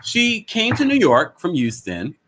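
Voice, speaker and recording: A man hosting a reality-show recap, chatting in a gossipy, teasing way with quick asides. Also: high-pitched, wildly swooping pitch, noisy background. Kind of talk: gossipy casual chat.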